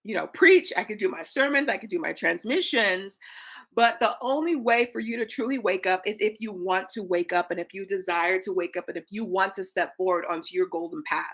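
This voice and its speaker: A woman in her thirties, a spiritual coach giving an energetic, preachy livestream talk to her viewers, swearing casually. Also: mid-range voice, brisk.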